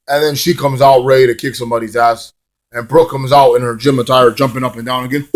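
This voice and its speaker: A man's voice: mid-range voice, little pitch movement, fairly quick. A man casually reviewing a wrestling show in a rambling, swear-laced manner, drifting into hummed song bits.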